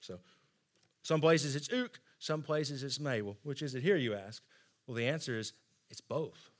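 A middle-aged man preaching a sermon, earnest and emphatic, often dropping to soft asides. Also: mid-range voice, moderate pace. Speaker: pastor.

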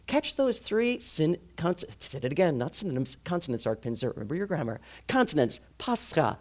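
A male preacher delivering a sermon in an animated way, asking the congregation rhetorical questions. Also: a little high, a little fast.

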